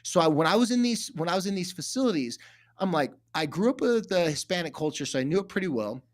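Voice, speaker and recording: Animated storytelling man, higher voice. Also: fast talker. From California. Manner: acts out voices in anecdotes, emphatic. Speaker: therapist guest. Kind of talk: animated storytelling in a podcast interview.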